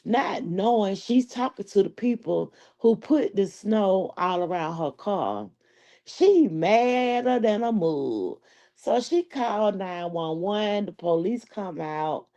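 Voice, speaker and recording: A woman's voice: mid-range voice, expressive, slow pace, dark tone, muffled recording. A woman hosting a live stream, telling a story in a sassy, profane, laughing way. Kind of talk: casual live-stream commentary.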